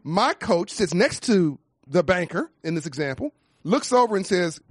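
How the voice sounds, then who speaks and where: A man's voice: sits high, big pitch swings, moderate pace, husky, no echo, studio quality. A man founding a nonprofit, speaking with emphatic, preacher-like cadence and repeated phrases in an impassioned panel talk.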